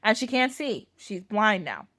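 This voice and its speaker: A woman's voice: medium pitch, big pitch swings, measured pace, fairly bright tone, dry recording, clean studio sound. A woman podcast host telling a fairy tale in a chatty, casual way full of fillers and swearing. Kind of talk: casual storytelling.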